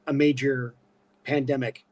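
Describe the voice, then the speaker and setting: A man's voice: mid-range voice, little pitch movement, unhurried, a little mellow. A man talking as a guest on a casual podcast, telling stories in an emphatic, self-mocking way.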